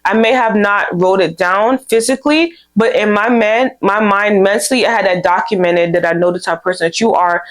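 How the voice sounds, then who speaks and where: Young woman vlog host, mid pitch, casual and candid, animated when quoting people. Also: brisk, hardly any pauses. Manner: candid, animated storytelling with quoted dialogue. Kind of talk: casual advice talk to camera.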